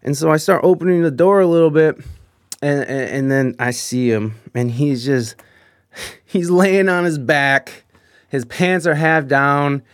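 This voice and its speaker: A man telling a rambling, profane anecdote in a casual, animated way, with frequent restarts. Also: on the high side, a little slow, no echo, clean studio sound. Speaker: storyteller.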